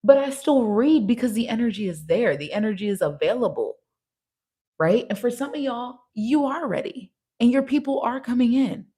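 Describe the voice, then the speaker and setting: A woman's voice: a little high, lively intonation, normal speed, dark tone, husky. A young woman giving a casual tarot reading, talking frankly with slang, swearing and frequent laughs. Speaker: tarot reader.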